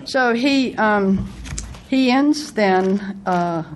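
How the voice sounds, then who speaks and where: A woman's voice: mid-range voice, extremely slow, slight background noise. A woman giving a casual spoken book review, retelling its anecdotes in a conversational way.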